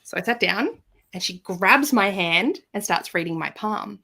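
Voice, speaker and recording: A woman guest on a podcast, telling a personal story in a casual, animated way and acting out the quoted voices. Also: mid-range voice, measured pace, creaky, breathy edge.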